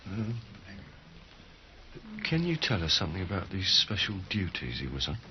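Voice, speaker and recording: A flustered, hesitant father whose voice rises and falls in lively swings. The sound is a little dull, with faint noise. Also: low-pitched, normal speed.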